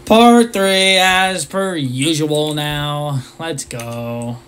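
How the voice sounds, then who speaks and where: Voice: medium pitch, extremely slow, fairly bright tone, slight background noise. A gamer giving let's-play commentary on a horror game, jumpy and easily startled, with nervous laughs and sudden exclamations.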